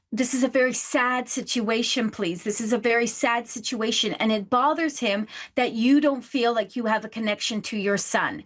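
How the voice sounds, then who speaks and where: A woman with a high, bright-sounding voice does a live psychic reading. She talks to her caller with affection and says please and love again and again. She hosts the show. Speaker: psychic medium host.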